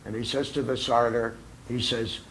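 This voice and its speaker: A man's voice: mid-range voice, level tone, normal speed, fairly bright tone, a little hiss or hum, rough recording. A man giving an informal philosophy lecture full of jokes, rambling and searching for words. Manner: rambling, with many fillers and restarts. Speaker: speaker at a philosophy humor talk. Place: lecture at a college.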